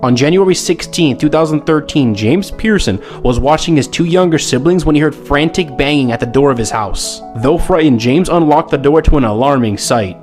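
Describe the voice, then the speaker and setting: A man reads a scripted story steadily and evenly. His voice is a little high, with faint music underneath. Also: animated, normal speed, few pauses, a little mellow. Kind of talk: scripted narration.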